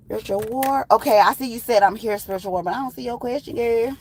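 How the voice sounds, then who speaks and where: A woman's voice: a little high, lively intonation, fast, hardly any pauses, a little mellow, a little hiss or hum, poor audio. A woman giving a casual livestream tarot reading, blunt and profane, teasing viewers and laughing often. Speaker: tarot reader.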